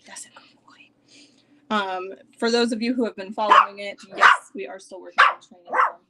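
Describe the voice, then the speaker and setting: A young woman chatting on a casual live stream from home, rambling with lots of "like" and sometimes dropping to a soft near-whisper. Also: mid-range voice, steady tone, brisk, very noisy. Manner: chatty and rambling, heavy use of "like". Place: home, at her desk with her dog nearby.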